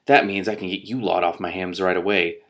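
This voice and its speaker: A man voicing a gruff, impatient male escort dragon who barks orders. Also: deep voice, steady tone, a little fast, a bit bright. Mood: bossy.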